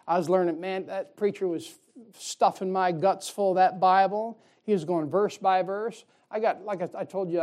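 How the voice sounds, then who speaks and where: A man's voice: high-pitched, a little mellow. A middle-aged male pastor preaching a sermon in a folksy, joking way, often asking the congregation "amen?". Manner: folksy, jokey preaching with call-and-response "amen".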